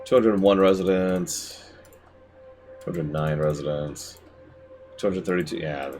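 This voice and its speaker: A man giving live gameplay commentary as a streamer, talking to the game and swinging between shouted outbursts and low mutters. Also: lively intonation, a little slow, pauses often, breathy edge.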